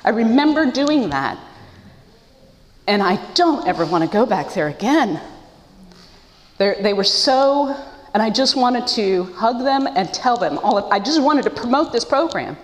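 A woman's voice: fairly high pitch, sing-song, measured pace. Earnest woman sharing her story in an echoey hall. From United States. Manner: earnest, emotional, with self-deprecating laughs. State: choked up. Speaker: speaker sharing her story at a support meeting. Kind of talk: personal testimony.

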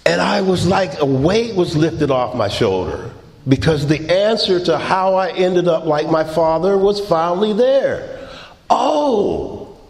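Middle-aged man sharing his story, unhurried, fairly high voice, echoey hall. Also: lively intonation. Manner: storytelling, laughing, acting out quotes. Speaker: recovery meeting speaker. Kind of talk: personal testimony talk. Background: audience laughter.

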